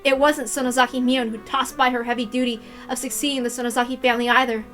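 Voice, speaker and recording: A woman reading a visual novel aloud in a quiet, even narration. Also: sits high, quick pace, faint music behind. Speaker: reader.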